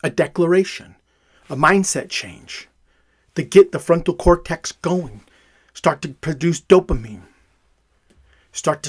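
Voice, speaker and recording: A man with a somewhat high voice tells his own story as a father. He speaks with emphasis and repeats words to drive each point home. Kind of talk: personal storytelling.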